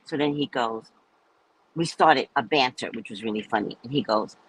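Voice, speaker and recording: A woman hosting a casual storytelling talk, animated and profane, acting out the people she describes. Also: rumbling low, normal speed, breathy edge. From United States. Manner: animated, profane, acts out the people in her stories. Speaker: host.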